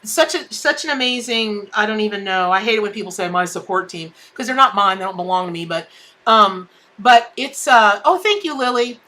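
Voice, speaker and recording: A woman's voice: medium pitch, expressive, a little fast, pushed and bright. A woman hosting a live tarot stream, chatting in a bubbly way and greeting viewers by name. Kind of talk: casual live-stream chat.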